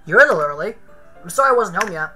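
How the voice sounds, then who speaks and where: A woman reading the lines of a kind, reassuring young man in a game, in a gentle, apologetic way. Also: medium pitch, expressive, very fast, faint music behind.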